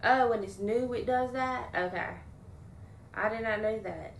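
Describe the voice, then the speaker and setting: A woman's voice: on the high side, measured pace, slight background noise. A young adult woman livestreaming, chatting casually and venting bluntly while she swears freely and thanks viewers. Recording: roomy echo.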